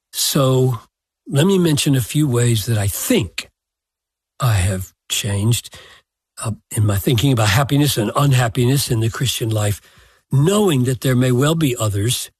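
An older man, a pastor, answering a question slowly and deliberately, with self-deprecating chuckles. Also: mid-range voice, a little mellow, breathy edge, no room sound, clean studio sound. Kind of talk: reflective podcast answer.

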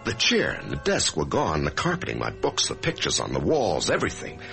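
A frightened office worker brooding on death in a vintage radio drama. His very low, gravelly voice swings widely and stumbles over words. Music plays clearly under him. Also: wildly swooping pitch, a little fast, a bit bright, heavily acted. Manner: hesitant, stammering. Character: anxious male office worker facing death. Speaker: narrator and lead character. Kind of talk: 1950s radio drama acting.

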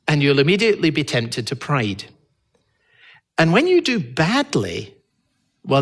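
A male pastor preaching a sermon in an earnest way, building to emphatic peaks and dropping low again.

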